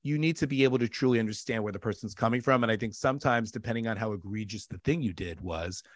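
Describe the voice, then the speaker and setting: A man hosting a casual conversational interview, talking in an animated, emphatic way and often running over others. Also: fairly low pitch, fast talker, no echo.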